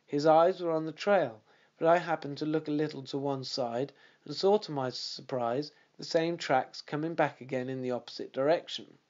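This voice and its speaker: A man narrating a classic detective audiobook in a steady, measured way. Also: on the high side, dull audio.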